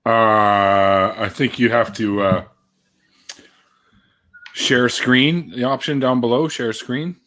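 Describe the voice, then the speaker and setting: A man's voice: mid-range voice, steady tone, takes it slowly, pauses often, fairly bright tone. A man hosting a casual live stream, chatting and talking a guest through screen sharing. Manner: chatty, guiding guests through tech steps. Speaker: host.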